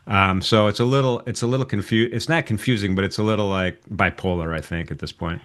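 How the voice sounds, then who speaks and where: A man hosting a relaxed market chat, talking hesitantly with many fillers. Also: fairly low pitch, fast talker. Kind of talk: casual market talk.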